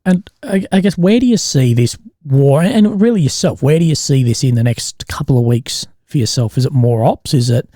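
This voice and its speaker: A man's voice: mid-range voice, lively intonation, moderate pace, few pauses, mellow, dry recording, clean studio sound. An Australian man hosting a podcast interview, chatty and casual, swearing and laughing easily. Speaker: podcast host.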